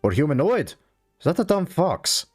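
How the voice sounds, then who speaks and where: A man voicing a blunt, gruff middle-aged dwarven lord in a put-on Scottish accent for a tabletop game. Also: a little high, big pitch swings, normal speed, faint music behind. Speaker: dungeon master. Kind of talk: tabletop role-play voice acting.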